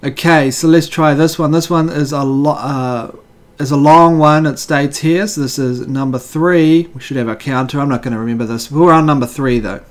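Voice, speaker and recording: Man, host reading jokes, rambling and wry, voice a bit high, casual delivery. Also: moderate pace. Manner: rambling and wry, with fillers and self-corrections. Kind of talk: casual joke-reading commentary.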